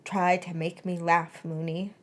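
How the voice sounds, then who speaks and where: A woman's voice: lowish voice, little pitch movement, measured pace, fairly bright tone, voice pushed down. Woman voicing a sulky teen witch girl, snappy and tearful, read-aloud story.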